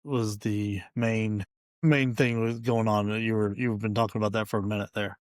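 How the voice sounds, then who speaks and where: A man's voice: fairly low pitch, steady tone, normal speed, no room sound, studio quality. A man co-hosting a casual sports podcast, chiming in with short, easygoing remarks. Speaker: podcast co-host.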